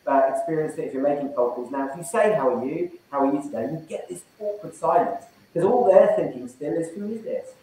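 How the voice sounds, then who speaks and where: A man's voice: medium pitch, dark tone, distant mic, slight background noise. A man running an online sales training session, coaching and acting out phone call openers. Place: room, online event. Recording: very echoey room.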